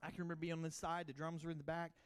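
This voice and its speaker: A middle-aged pastor, preaching a sermon in a conversational storytelling way, swinging from loud bursts to quiet asides. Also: male voice, on the high side, flat delivery, racing, clean tone.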